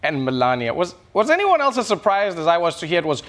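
A man's voice: wildly swooping pitch, quick pace, a bit bright. Sarcastic man delivering a comedy monologue. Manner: sarcastic, punchy jokes with big pitch swings. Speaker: late-night comedy host.

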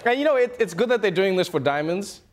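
A man with a high, bright voice rattles through a comedic news monologue, animated and full of jokes. He sounds like a late-night host working a studio crowd, and the recording carries a clear layer of background noise. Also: quick pace. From Africa. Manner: animated, jokey, puts on silly voices.

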